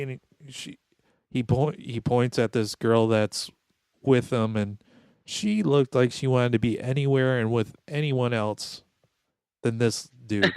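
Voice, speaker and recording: A man's voice: mid-range voice, measured pace, darkish tone, smooth, no echo. A man in his thirties telling a story with sarcastic asides in a casual podcast chat. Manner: wry, sarcastic storyteller, mimics people he meets. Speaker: podcast co-host.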